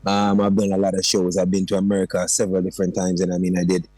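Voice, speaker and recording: Jamaican man, dancehall artist in a studio interview, animated and chatty, patois slipping in, lowish voice, dry studio sound. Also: quick pace, no room sound, rough recording. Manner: animated, keeps saying "you know what I mean"; slips into patois. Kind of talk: radio interview. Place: radio studio.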